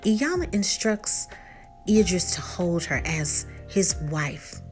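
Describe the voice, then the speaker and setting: A woman giving a casual recap and review of a TV episode, retelling it in an animated way. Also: slow pace, soft background music. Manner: animated retelling with lively pitch.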